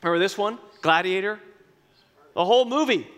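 A male pastor preaching a sermon in a conversational, self-deprecating way, slowing down for emphatic phrases. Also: high voice, a bit bright. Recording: long reverb in a large hall.

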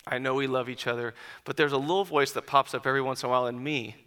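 Man, 40s, brisk bright tone, personal storyteller moving from animated to hushed and reflective. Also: mid-range voice. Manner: animated, then quiet and reflective. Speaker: speaker addressing an audience.

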